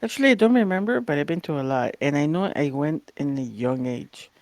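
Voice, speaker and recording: A young woman co-hosting a podcast, telling stories in a lively, animated way and acting out the voices of the people in them. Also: sits low, a little fast, no echo. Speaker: podcast co-host. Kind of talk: casual chat, storytelling.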